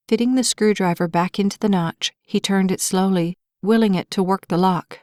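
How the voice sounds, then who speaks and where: A woman's voice: medium pitch, fairly even intonation, normal speed, few pauses, darkish tone, no room sound. Woman narrating an audiobook, dry close sound. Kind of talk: scripted narration of a romance novel.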